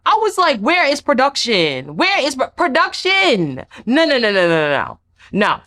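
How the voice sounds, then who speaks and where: A recap vlogger with a high-sitting voice, speaking at normal speed, gives a casual, emphatic rundown of a reality show episode. She's animated and acts out the people she quotes.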